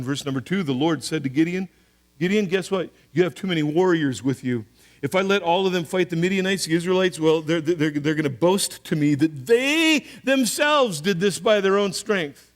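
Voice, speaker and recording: A high-pitched man delivers a sermon. He tells the story with acted-out voices for the characters, jumping from loud, raised lines to low, quiet asides. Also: fairly quick. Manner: storytelling, acts out voices of soldiers and God, animated swings in pitch and loudness. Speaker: pastor.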